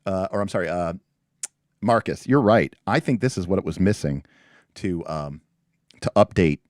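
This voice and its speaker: A man's voice: deep voice, a little mellow, no room sound, studio quality. A man hosting a livestream in casual, rambling chat with a self-deprecating, jokey manner. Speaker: livestream host.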